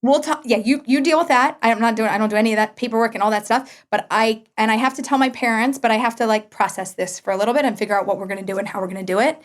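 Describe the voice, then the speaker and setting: A woman in her forties talks rapid-fire with few pauses, her voice on the high side, as a guest on a podcast. Telling a personal story, she's lively, dramatizes the dialogue, and laughs frequently.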